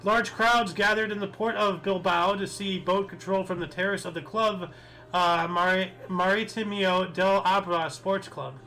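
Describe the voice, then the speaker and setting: Bright, high-voiced joking man. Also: fairly even intonation, unhurried, rough recording. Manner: joking, teasing, reads dates with stumbles. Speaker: podcast co-host reading history dates. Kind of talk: casual chat.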